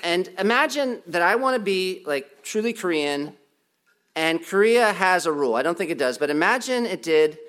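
A man's voice: high-pitched, lively intonation, moderate pace, a bit bright. A man preaching a sermon as pastor, emphatic and repetitive, with self-deprecating humor. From United States.

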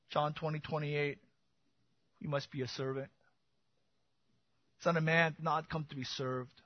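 A man preaching an expository sermon as pastor, swinging from loud emphatic bursts to quiet intimate asides. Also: fairly high pitch, dry recording, highs cut off.

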